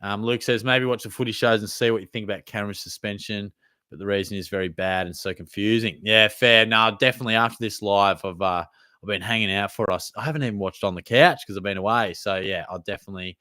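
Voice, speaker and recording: A man's voice: fairly low pitch, brisk, sharp tone, smooth, no room sound, studio quality. An Australian man hosting a live question-and-answer stream, talking in a laid-back, chatty way with plenty of slang. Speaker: host. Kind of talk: casual live Q&A chat.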